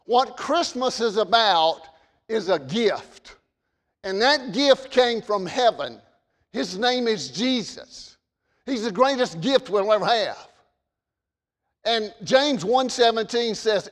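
High-voiced preacher in a reverberant church. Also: male voice, animated, fairly bright tone. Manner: repeats and restarts phrases, reads scripture aloud slowly. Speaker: pastor. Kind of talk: sermon.

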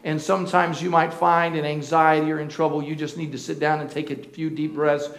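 A male pastor with a high voice delivers a sermon in a church sanctuary, the sound ringing around a roomy hall. He prods the congregation for call-and-response, sometimes drawing words out at full volume, then dropping to a near-hushed tone. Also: little pitch movement. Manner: swings between slow shouted emphasis and soft, breathy asides.

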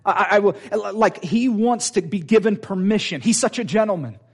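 A man preaching a sermon, animated and personal, often laughing and restarting his sentences. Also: sits high, moderate pace, husky.

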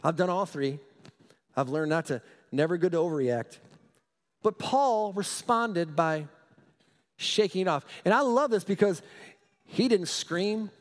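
A male pastor preaching a sermon, emphatic and animated, repeating phrases for stress. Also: fairly high pitch, a little slow, pauses often. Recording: long reverb of a large hall.

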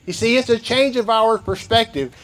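A man's voice: very high-pitched, normal speed, fairly bright tone. A man preaching a sermon, reading scripture and repeating key phrases for emphasis. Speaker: pastor.

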